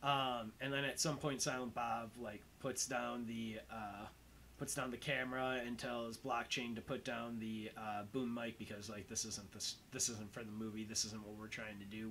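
Young male host, casual film commentary, slow and loose, mid-range voice, lots of verbal filler, faint ambience behind him. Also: mid-range voice, level tone, bright, forceful tone, a little hiss or hum, poor audio. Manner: rambling, heavy on fillers like "um" and "like".

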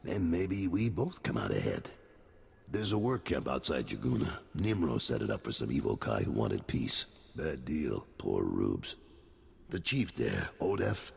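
An actor playing a blunt, streetwise middle-aged gang boss in a video game, with a deep gravelly voice. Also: male voice, long reverb tail, full character voice. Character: gruff middle-aged male gang boss, worried father.

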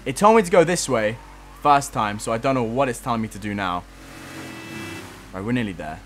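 A man's voice: medium pitch, expressive, fairly quick, faint music behind. A young man giving casual gameplay commentary, frustrated, swearing a lot and laughing at himself.

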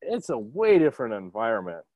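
Excitable, profane podcast host. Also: male voice, mid-range voice, brisk, no echo. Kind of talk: casual podcast chat.

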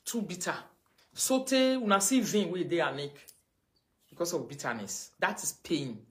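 A Nigerian woman ranting on a livestream, mocking and scolding, her voice swinging between loud outbursts and low mutters. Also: sing-song, normal speed. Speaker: livestream host. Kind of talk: casual livestream rant.

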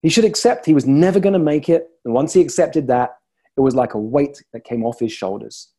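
A male coach speaks in a soft, mellow tone with a slightly husky edge. He tells stories slowly and reflectively, leaving deliberate pauses between thoughts. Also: medium pitch. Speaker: leadership coach. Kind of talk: motivational talk to camera.

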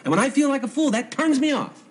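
An exasperated, animated husband. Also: male voice, extremely high pitch, fast. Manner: exasperated, protesting. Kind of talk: 1970s TV soap acting.

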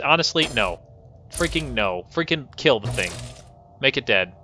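Bright-voiced man ranting over a game. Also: fairly high pitch, sing-song, moderate pace, slight background noise. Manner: exasperated, scolding his colonists, frequent outbursts. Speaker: gaming host. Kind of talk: live game commentary.

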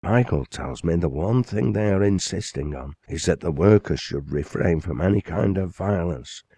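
A man voicing a composed, concerned young woman in an audiobook, in a gentle, low, only lightly changed voice. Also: expressive, normal speed, slightly rough, no room sound, heavily acted. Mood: calm. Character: calm concerned young woman, his daughter.

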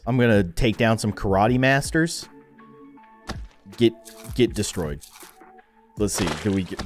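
Young man, gameplay commentary, playful, sarcastic, animated pitch, faint music behind. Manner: playful, sarcastic, exclaiming and laughing at the game. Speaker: gaming video host.

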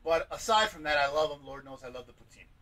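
A man's voice: on the high side, animated, fast, bright, forceful tone, far from the mic, poor audio. A man chatting casually about beer and life, swearing freely and rambling. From United States. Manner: profane, rambling. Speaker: beer vlogger. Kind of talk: casual chat.

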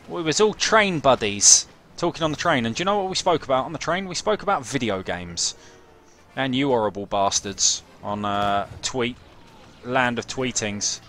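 A man's voice: mid-range voice, pushed and bright, slight background noise. A young man streaming a game, chatting casually and swearing as he reads chat and plays. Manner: sweary, jokey banter with chat. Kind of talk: casual gameplay commentary.

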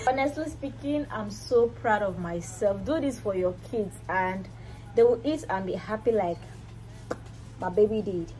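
A woman's voice: mid-range voice, measured pace, mellow, slight background noise, rough recording. A young mother chatting in a casual home vlog, switching between cooing baby talk and asides to her viewers. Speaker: vlogger and mother.

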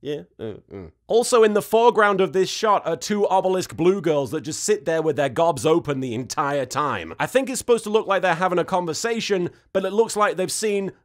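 A man's voice: sits high, fairly quick, hardly any pauses. A man recapping a cartoon episode in a sarcastic, exasperated, comedic way. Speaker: reaction video host.

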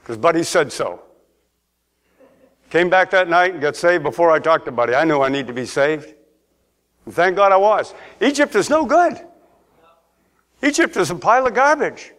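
A man's voice: on the high side, animated, normal speed, pauses often, a bit bright. A middle-aged man preaching a sermon in church, calling for amens and climbing to emphatic peaks. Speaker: pastor. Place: church sanctuary.

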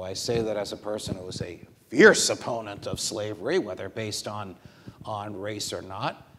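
A man speaking as a guest in an interview, measured with frequent pauses, telling anecdotes. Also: on the low side, fairly bright tone, slight background noise. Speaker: guest legal commentator. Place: stage at a university event.

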